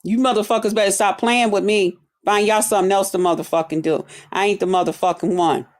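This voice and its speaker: This woman talks briskly with a steady tone and medium pitch while tearing into her livestream viewers. She swears, gets confrontational, and elongates words for emphasis in an angry rant.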